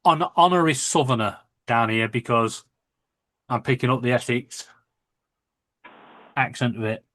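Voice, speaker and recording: Speaking at a moderate pace with a mid-range, fairly bright voice, a man hosts a laid-back chat. He has a northern English accent, comes from Lancashire, and laughs frequently.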